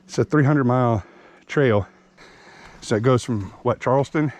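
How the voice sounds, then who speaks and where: A man's voice: medium pitch, normal speed, darkish tone. A man, narrating a hiking vlog outdoors on a wooded trail, a bit out of breath as he chats about the trail and his gear. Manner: chatty, explains gear plainly. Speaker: hiking vlogger.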